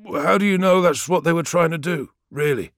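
A rattled, fussy adept speaks in a breathy, anxious voice, as a man narrating a novel puts him on. His pitch rises with alarm. The recording is dry and close. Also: normal speed, fairly bright tone, no echo. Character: shaken, pedantic male tech-priest adept.

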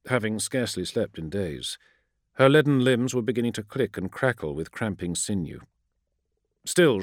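Deep-ish guy reading a sci-fi audiobook, super lively delivery, dry close mic. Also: no echo. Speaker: audiobook narrator. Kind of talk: scripted narration.

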